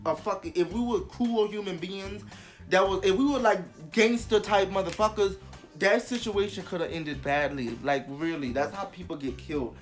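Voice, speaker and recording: A young vlogger telling a story casually, animated and emphatic, with heavy swearing. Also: mid-range voice, normal speed, soft background music.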